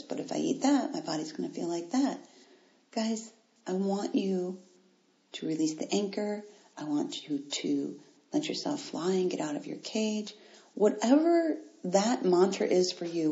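A woman hosting a motivational podcast, speaking directly and encouragingly to her listeners in an animated way. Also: on the low side, gravelly. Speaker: podcast host. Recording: roomy, dull lo-fi sound.

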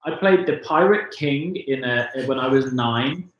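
A man's voice: mid-range voice, measured pace, muffled recording, noisy background. A man from England, a musical theatre singer chatting as an interview guest in a rambling, self-correcting way. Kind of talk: casual interview chat. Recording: very echoey, distant from the mic.

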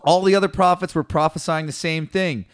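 A man with a slightly high voice reads a scripture story aloud in a loose, chatty way. He breaks off into slangy, profane retellings and mimics the characters as he goes. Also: a little fast, clean tone. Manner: animated, swears, mimics biblical figures in slangy voices. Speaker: podcast co-host reading scripture. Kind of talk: casual irreverent chat reading aloud.

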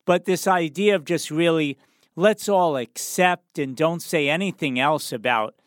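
A man's voice: fairly high pitch, measured pace, no echo, studio quality. A man hosting a health podcast, telling a personal story in an earnest, conversational way. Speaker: podcast host.

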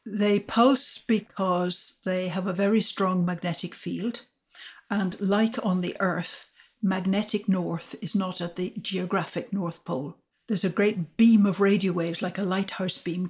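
An older woman, an astrophysicist guest, recounting her discovery in a measured, explanatory way. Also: fairly low pitch, fairly even intonation, darkish tone. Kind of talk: storytelling interview answers.

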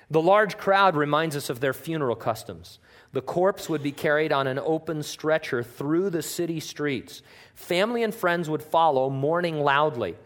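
Man preaching a chatty, joking sermon. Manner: conversational and joking, with wide swings in pitch and loudness. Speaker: pastor. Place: church.

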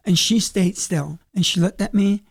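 A young man, a stage actor, chatting in an interview and telling animated stories full of fillers. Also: high-pitched, moderate pace, creaky, slightly rough, dry recording, studio quality. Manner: animated storytelling with many fillers. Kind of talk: casual interview.

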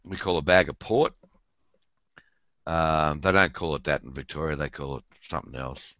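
An Australian man, a podcast guest, explaining local slang in a relaxed, easygoing way with plenty of ums. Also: very deep voice, moderate pace, no room sound, highs cut off. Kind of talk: casual chat.

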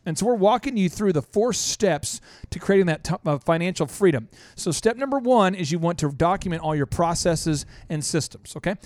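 A man hosting a business talk show, upbeat and animated, telling stories with quick restarts. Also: high voice, no room sound, clean studio sound. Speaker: show host.

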